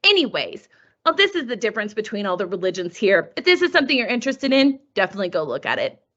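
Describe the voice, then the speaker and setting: A woman's voice: mid-range voice, sing-song, fast, bright, forceful tone, muffled recording. A woman history teacher who lectures over slides in a chatty way and asks rhetorical questions.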